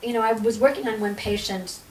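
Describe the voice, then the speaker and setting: Lively woman storyteller in an echoey room. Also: a little high, brisk. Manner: lively storyteller who acts out quoted dialogue. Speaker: guest, energy healer and author. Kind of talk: storytelling in a podcast interview. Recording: echoey room, voice a little far from the mic.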